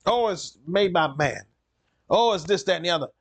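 A man's voice: sits high, expressive, moderate pace, voice pushed up. A man voicing the devil as a dismissive, mocking male tempter. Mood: scoffing.

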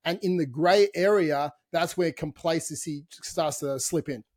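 A man co-hosting a fitness podcast, talking in an upbeat, motivational way with casual swearing. His voice sits a little high, and the recording is dry and close. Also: unhurried, a little mellow, no room sound. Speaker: podcast co-host, fitness coach.

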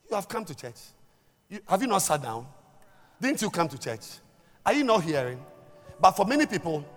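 Male pastor, lively high voice, stammers, emphatic sermon delivery; long church reverb. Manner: emphatic, stammering, swings from loud to soft. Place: church hall. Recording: reverberant church hall with music.

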